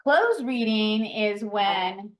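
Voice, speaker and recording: A woman walks trainees through reading routines at a steady, mid-pitched level. She explains patiently, correcting herself now and then with an um. Her voice carries a roomy echo from a home room. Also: drawn-out words. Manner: explanatory, patient, with frequent ums and self-corrections. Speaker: mentor trainer. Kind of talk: instructional training talk.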